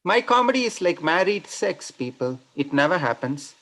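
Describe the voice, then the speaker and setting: A man from India with an Indian accent, performing a stand-up set of deadpan one-liners over a video call. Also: on the high side, normal speed. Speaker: stand-up comedian. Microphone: computer mic on a video call.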